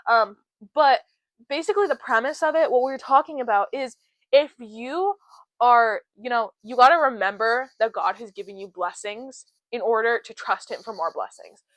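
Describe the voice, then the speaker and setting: A young woman co-hosting a casual faith podcast, chatty and earnest, retelling Bible stories with lively quoted voices. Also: a little high, normal speed, dry recording, rough recording. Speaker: podcast co-host.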